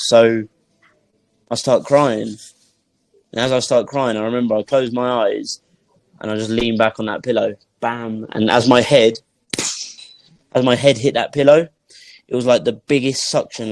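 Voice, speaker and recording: A man's voice: mid-range voice, a little mellow, no room sound. A man telling a personal story as a podcast guest, in a vivid, dramatic way that acts out sounds and his own thoughts. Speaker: motivational speaker, podcast guest.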